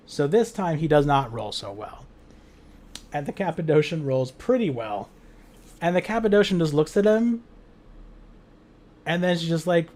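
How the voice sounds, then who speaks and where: A man's voice: on the high side, lively intonation, normal speed, pauses often, a little mellow. A man recapping a tabletop game as game master, rambling with lots of fillers, swearing and laughing. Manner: rambling, full of "like" fillers, profane, laughs a lot. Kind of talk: casual retelling of a tabletop game.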